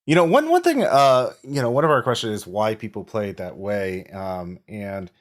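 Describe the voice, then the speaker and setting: A man's voice: fairly low pitch, big pitch swings, moderate pace. A man co-hosting a role-playing podcast, talking in a rambling, reflective way with lots of "like" and "you know". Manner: rambling, many fillers and restarts, reflective. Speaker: podcast co-host. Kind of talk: casual chat.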